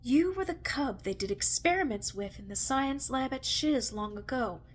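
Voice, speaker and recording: A woman reading a novel aloud, voicing a stern, sharp-tongued witch in a curt, sardonic manner. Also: sits high, animated, normal speed, slight background noise.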